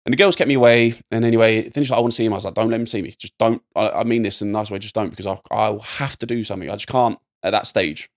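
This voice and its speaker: A young man from England telling a personal story as a podcast guest, rambling and animated with lots of fillers. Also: lowish voice, rapid-fire, hardly any pauses. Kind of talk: casual storytelling.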